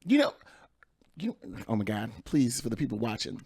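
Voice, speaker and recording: Co-host with a St. Louis accent, casual chat, playful and dramatic, very lively pitch. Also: moderate pace, vocal fry, breathy edge. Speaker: podcast co-host.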